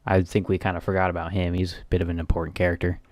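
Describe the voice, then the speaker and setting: A man's voice: low-pitched, flat delivery, very fast, darkish tone, dry recording. A man in casual let's-play commentary, joking, swearing and muttering reactions on a close microphone. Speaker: gaming streamer.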